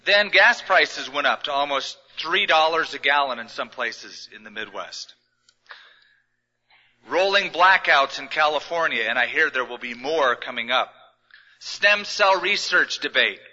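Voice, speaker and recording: Middle-aged pastor preaching, really bright ringing voice, kinda high, lo-fi sound with long hall echo, chatty joking stories. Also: male voice, animated, unhurried, pauses often. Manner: conversational, storytelling with humor. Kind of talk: sermon. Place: large church auditorium.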